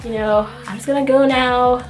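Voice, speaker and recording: A woman's voice: a little high, normal speed. Exasperated young woman ranting a storytime. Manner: animated, exasperated, acts out the dialogue. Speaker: vlogger. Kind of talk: storytime rant.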